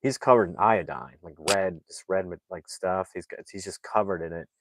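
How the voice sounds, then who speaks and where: A man's voice: deep voice, moderate pace, slight background noise, rough recording. A man recapping a movie plot in a casual, rambling way, full of "like" fillers and restarts. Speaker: movie reviewer.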